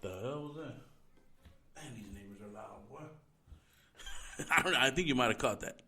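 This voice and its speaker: A male podcast host delivers a heated, profanity-laced rant. His voice is forceful and tense. His pitch sits at a middle level for a man. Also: expressive, a little slow. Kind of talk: solo opinion podcast rant.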